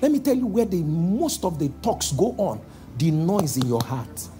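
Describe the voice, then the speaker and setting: A man preaching a sermon as pastor, calling out to the congregation and slowing down for emphatic lines. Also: on the high side, sing-song. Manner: calls out to the congregation, shifting between loud exhortation and slow emphatic lines.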